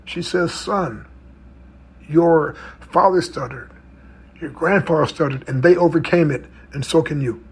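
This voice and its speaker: Speaking at a measured pace, this middle-aged mental health coach has a slightly high voice that is creaky with a breathy edge. He shares a personal story casually in a storytelling talk, often using tag questions.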